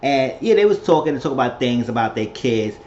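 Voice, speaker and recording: A man talks through a reality show recap in a loose, rambling way, slipping into what each person said. His voice sits at an ordinary middle pitch. The recording is a bit dull and lo-fi, with a faint hiss behind it. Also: sing-song, brisk, darkish tone. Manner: rambling storyteller, acts out quotes. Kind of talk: casual recap vlog. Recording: slightly dull lo-fi audio.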